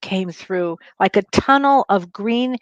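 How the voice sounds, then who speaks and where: A woman's voice: medium pitch, animated, takes it slowly, no room sound, highs cut off. A woman co-hosting a livestream talk show, sharing a story in an earnest, eager way. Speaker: co-host. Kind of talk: casual chat on a livestream show.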